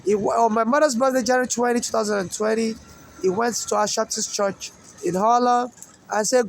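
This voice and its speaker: This is a rough recording of a man with an extremely high, steady voice speaking fairly quickly. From Nigeria, he has an accent mixing Nigerian and American English, and his rambling personal monologue keeps circling back to the same points.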